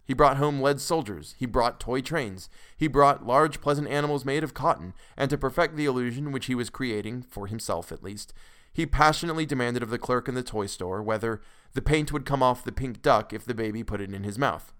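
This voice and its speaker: A man narrating a classic story as a podcast host, in a measured, expressive way. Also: medium pitch, smooth. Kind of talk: dramatic storytelling reading.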